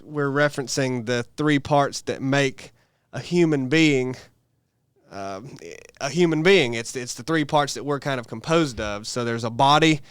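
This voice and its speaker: A man's voice: medium pitch, clean tone, dry recording, studio quality. A man, co-hosting a podcast and explaining at length in casual chat, often correcting himself. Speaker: podcast co-host.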